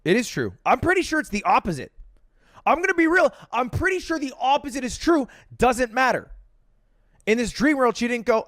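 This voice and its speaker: A man telling a long personal story in a casual, excitable way, swearing now and then. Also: very high-pitched, a little fast, no room sound, clean studio sound. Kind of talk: animated storytelling.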